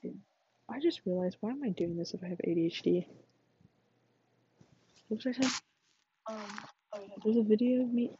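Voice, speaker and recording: A woman's voice: a little high, normal speed, pauses often, dark tone, lo-fi sound, slight background noise. A teenage girl in a whispered role-play, rambling chattily through a story. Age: teens. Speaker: vlogger.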